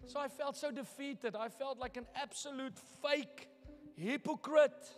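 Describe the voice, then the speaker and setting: A male pastor preaching a sermon, moving from hushed, personal storytelling to loud, daring challenges to the congregation. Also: very high-pitched, a little slow, big-room sound, soft background music. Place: church hall.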